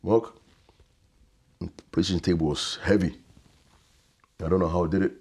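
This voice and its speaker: Interview guest: man, thirties, very low bass voice, halting, hushed delivery with repeated words. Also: fairly even intonation, breathy edge. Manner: halting, repeats words, often quiet and subdued. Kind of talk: emotional personal storytelling.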